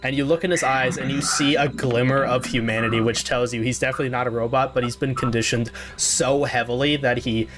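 A man's voice: mid-range voice, steady tone, fairly quick, hardly any pauses, over music. A man narrating as game master of a tabletop game in a casual, matter-of-fact way.

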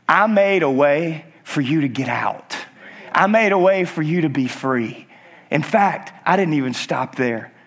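Energetic male preacher, rising and falling, constantly calls on the congregation. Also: on the high side. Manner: call-and-response exhortation; lively, swinging between emphatic and hushed. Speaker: pastor. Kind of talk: sermon.

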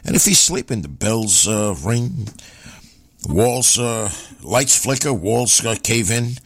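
A man's voice: mid-range voice, animated, slow, a bit bright, dry recording. A man hosting a radio show, chatting in a rambling, jokey way. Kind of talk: casual radio chat.

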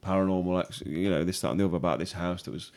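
A man's voice: sits low, fairly even intonation, rapid-fire, darkish tone. A man, co-hosting a podcast in casual, sweary, rambling chat. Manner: sweary, rambling, laughs often. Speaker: podcast co-host.

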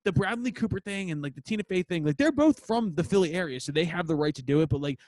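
A man with a Philadelphia accent chats on a podcast in a lively, up-and-down voice that sits a little high. He swears freely and drops fillers everywhere. The sound is dry and close. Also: quick pace, no echo. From Philadelphia area. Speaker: podcast co-host. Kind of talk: casual podcast banter.

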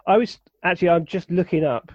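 A man co-hosting a podcast, talking casually and haltingly as he thinks aloud. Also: high-pitched, dry recording. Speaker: podcast co-host. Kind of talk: casual chat. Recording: dry, slightly dull mic sound.

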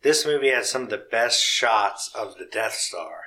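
Bright-voiced young man, opinionated. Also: lowish voice, animated, normal speed, rough recording. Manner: opinionated, picks at plot details. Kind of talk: casual film discussion.

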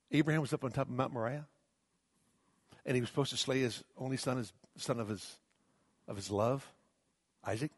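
A man's voice: mid-range voice, slightly rough, no room sound, clean studio sound. A middle-aged male pastor preaching a sermon, swinging from emphatic rises to near-whispers, often restarting his words. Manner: repeats words and restarts mid-phrase.

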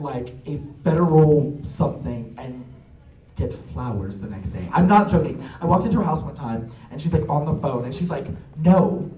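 A man's voice: on the high side, darkish tone, far from the mic, slight background noise. A young man telling family stories in a casual, chatty way, laughing often and acting out quotes. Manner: chatty, laughing, full of likes and quick quoted asides. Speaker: drag performer. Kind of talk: casual storytelling. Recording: roomy echo from off-mic, faint ambience.

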